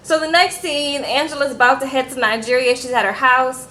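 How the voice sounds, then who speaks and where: A woman casually recapping a reality show, animated and sassy, acting out quotes with asides to her viewers. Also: high voice, a little fast, slight background noise, poor audio.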